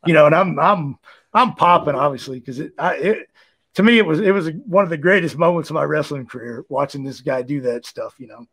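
A man from Ohio, a former wrestler, telling stories as a guest in a casual, animated way, laughing often and leaning on "you know.". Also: a little high, brisk. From Ohio, USA. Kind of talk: casual storytelling.

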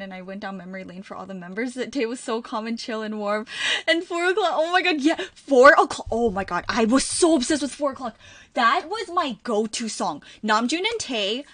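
A young woman streaming a reaction video, chatting casually and gushing with excitement, with a giggly manner. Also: a little high, a little fast, no echo.

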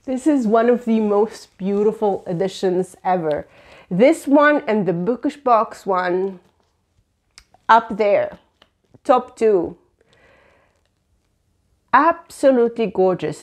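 A woman book vlogger talking through an unboxing, gushing with frequent gasps and exclamations. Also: fairly high pitch. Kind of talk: unboxing vlog chat.

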